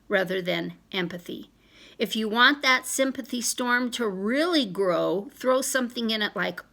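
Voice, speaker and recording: A woman's voice: a little high, animated, measured pace, gravelly, pushed and bright. A woman vlogger reading a self-help passage aloud in an earnest way, briefly voicing the friends she quotes. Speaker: business vlogger.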